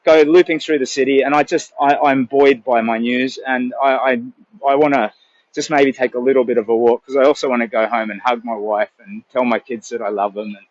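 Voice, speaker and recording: A man's voice: medium pitch, steady tone, a little fast, no echo. An older Australian man vlogging outdoors in a city on a phone camera, talking in a rambling, emotional way, with hesitant restarts. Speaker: charity walker vlogger. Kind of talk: casual live-stream chat. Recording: dull lo-fi phone sound.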